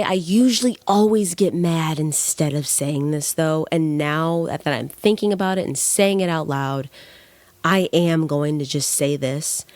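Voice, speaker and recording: A woman's voice: sits low, a little mellow, dry recording. A young woman hosting a podcast, talking bluntly in a heated, casual monologue and swearing freely. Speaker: podcast host.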